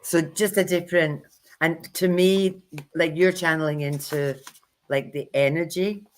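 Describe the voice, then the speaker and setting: A woman co-hosts a tarot livestream in a chatty, candid way, quick to poke fun at herself. Her voice is low for a woman. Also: steady tone. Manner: candid, self-deprecating, chatty. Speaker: tarot reader co-host. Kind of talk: livestream teaching chat.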